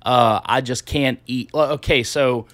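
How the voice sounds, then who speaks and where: A man's voice: mid-range voice, steady tone, unhurried, a bit bright, no echo. A man telling a profane story in casual chat, acting out quotes and cat noises.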